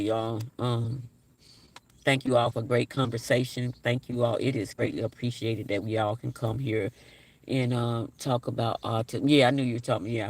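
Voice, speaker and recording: A man in his forties hosting a casual livestream, reading viewer comments aloud and repeating his phrases, sounding low on energy. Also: creaky. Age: 40s. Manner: repeats his phrases, talks straight to the chat. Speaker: livestream host.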